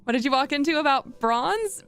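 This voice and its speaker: A woman's voice: sits high, lively intonation, normal speed, a bit bright, no room sound, faint music behind. A woman streaming as a VTuber, chatting casually and rambling as she thinks aloud while working, often laughing. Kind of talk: casual live-stream chat.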